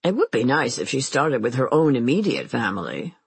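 A storyteller voicing an exasperated husband who speaks in a low menacing tone, dry and irritated. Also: big pitch swings, a little fast, gravelly, slightly rough, no room sound, full character voice. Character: angry, menacing husband of an aristocratic house.

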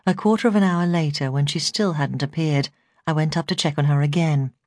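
A woman narrating a first-person memoir in a measured, earnest reading. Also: deep voice, a little mellow, no echo, clean studio sound. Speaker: audiobook narrator.

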